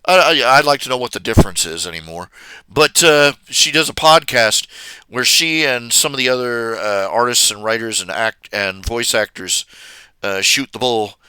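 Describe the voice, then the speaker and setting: Male streamer, slow halting casual chat, lively pitch, crisp dry voice. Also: no room sound. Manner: rambling, halting, many fillers and restarts, chuckling storyteller. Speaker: live streamer.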